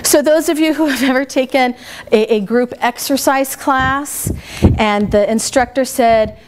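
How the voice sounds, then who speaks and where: A woman's voice: high-pitched, measured pace. A woman speaking coach teaching a live workshop, playful and laughing with the audience. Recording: noisy room recording.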